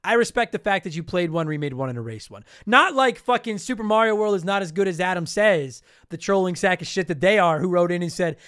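High, clear-voiced profane podcast host. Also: male voice, lively intonation, a bit bright, no echo, studio quality. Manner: profane, sarcastic, quick to laugh. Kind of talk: casual podcast talk reading listener comments.

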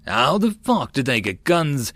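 A man's voice: mid-range voice, very animated, a little slow, a bit bright. A man reading the part of a grumbling male soldier in an audiobook, complaining as he talks. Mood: annoyed.

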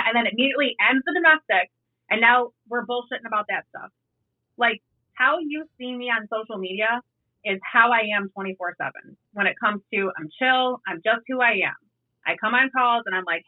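A woman's voice: a little high, brisk. Laid-back woman cop on a tinny line. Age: 30s. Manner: laid-back, storytelling, swears casually. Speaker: police officer guest. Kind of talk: casual podcast chat.

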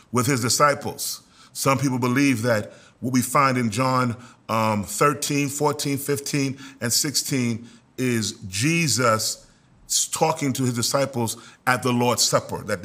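A man of middle pitch preaches a sermon as pastor, drawing his listeners into call-and-response. He stretches out important words for weight and climbs into loud, high-pitched exhortation. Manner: slows down to stress key words.

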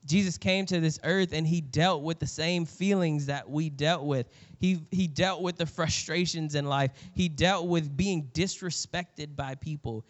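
A man's voice: a little high, steady tone, measured pace, hardly any pauses. Earnest preacher man in a big hall. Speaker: pastor. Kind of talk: sermon. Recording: reverberant hall, slightly dull sound.

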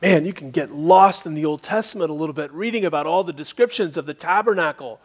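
A man's voice: fairly high pitch, fast talker. A man preaching a sermon as pastor, explaining scripture earnestly with emphatic repetition.

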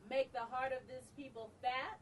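Woman reading scripture, distant and lively. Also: sits high, moderate pace. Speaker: scripture reader in a church class.

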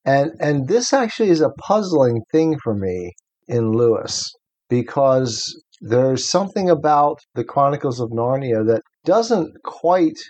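A man of medium pitch thinks aloud in relaxed conversation, often starting a sentence again as he works toward his point. He talks in a thoughtful, unhurried, exploratory way. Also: highs cut off. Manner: thoughtful, hesitant, restarts sentences. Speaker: podcast co-host. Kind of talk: casual discussion.

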